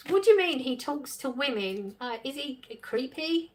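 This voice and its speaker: Woman host for a casual live stream, somewhat high voice, reads chat aloud, laughs easily. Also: animated, normal speed, darkish tone, a little hiss or hum. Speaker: livestream host reading chat.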